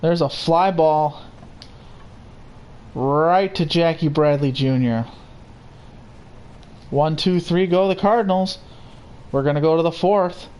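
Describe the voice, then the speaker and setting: A young man calling a baseball game play by play, steady and unhurried, with casual asides. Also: on the high side, clean tone. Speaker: play-by-play commentator. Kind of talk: simulated baseball commentary.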